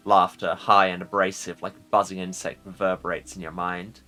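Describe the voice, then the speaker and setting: A man's voice: low voice, little pitch movement, moderate pace, few pauses, pushed and bright, faint music behind. A man streaming a game, reading its text aloud with casual joking asides. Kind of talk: let's play with narration read aloud.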